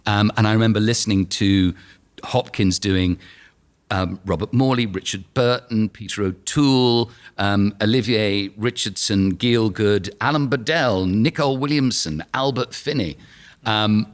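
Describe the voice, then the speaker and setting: A man with a lowish voice talks unhurriedly. He is a London-accented actor in his fifties, chatting casually as a podcast guest and laughing through the anecdotes he tells.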